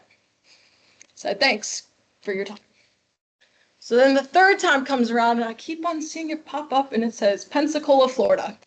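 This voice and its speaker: A woman in her twenties from Chicago, a guest speaker telling a class her story, lively and acting out the people she quotes. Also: high voice, unhurried, pauses often. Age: 20s. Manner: lively, acts out quoted dialogue.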